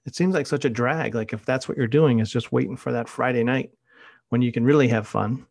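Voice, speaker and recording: A middle-aged man hosts a podcast in a casual, conversational monologue, drifting from one anecdote to the next. His voice sits in an ordinary middle pitch and sounds dry and close, with no room around it. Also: steady tone, a little fast, gravelly, darkish tone, dry recording. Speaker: podcast host.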